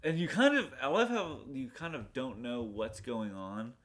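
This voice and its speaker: Man, medium pitch, casual chat, rambling, lots of fillers, acts out quotes. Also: sing-song, normal speed, a bit bright. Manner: rambling retelling full of fillers, acting out lines from the show. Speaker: podcast co-host reviewing a TV pilot.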